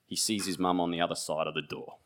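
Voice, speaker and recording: A deep-voiced Australian man in his late thirties talks about his life as an author and reads his own pages aloud. His delivery is halting and full of restarts, but earnest, with a low pitch. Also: little pitch movement, a bit bright. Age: 30s. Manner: halting storyteller, many restarts and fillers. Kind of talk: author talk with a reading aloud.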